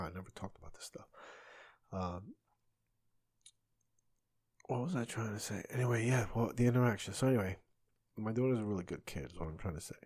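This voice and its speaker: A man's voice: low-pitched, darkish tone, breathy edge, no echo. A middle-aged man hosting a casual solo podcast, rambling candidly and swearing freely. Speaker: podcast host.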